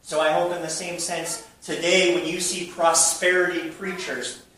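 A man's voice: on the high side, little pitch movement, moderate pace, bright, forceful tone. A man preaching a sermon to his congregation, emphatic and full of rhetorical questions. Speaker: pastor. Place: church sanctuary. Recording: very echoey room from far off with faint noise.

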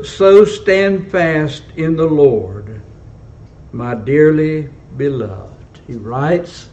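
An older man preaching a sermon, a little hoarse and froggy this morning, reading scripture slowly with rising emphasis. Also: a little high, darkish tone, muffled recording. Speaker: pastor.

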